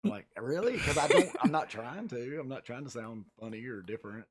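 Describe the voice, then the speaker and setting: A middle-aged man hosting a casual radio show, with a naturally gruff voice, chatty and joking and often tripping over his words. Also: medium pitch, expressive, a little fast. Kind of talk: casual talk radio chat.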